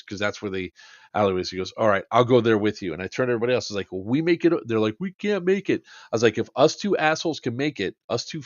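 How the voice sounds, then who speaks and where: A man's voice: on the low side, dry recording, dull audio. A man hosting a podcast, casually and animatedly recounting an airsoft game, swearing and acting out the quotes with plenty of fillers. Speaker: podcast host.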